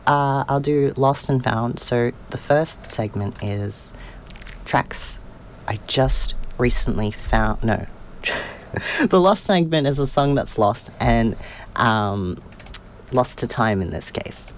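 Young male community radio host, mid-pitched, rambling, laughs easily, talks from the studio. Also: slow, a little hiss or hum. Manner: rambling, self-deprecating, laughs often. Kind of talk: casual community radio chat.

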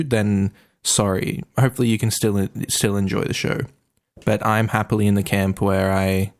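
A young man hosting a radio show in relaxed, rambling casual chat, often correcting himself. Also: lowish voice.

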